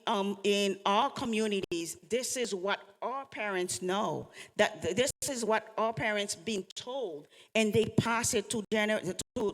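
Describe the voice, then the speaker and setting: Slow earnest woman in a reverberant hall. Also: medium pitch, a bit bright. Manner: earnest, coaching, asks the audience questions. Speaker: speaker giving a talk on trauma. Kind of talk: motivational talk to a live audience. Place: event hall with an audience.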